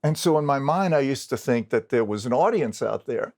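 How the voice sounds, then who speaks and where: An older man, a recording engineer, recounts his career in a lively storytelling manner. He acts out the lines of the people in his story. His voice sits at an ordinary middle pitch. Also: brisk, creaky. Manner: animated storyteller acting out dialogue. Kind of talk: storytelling interview talk.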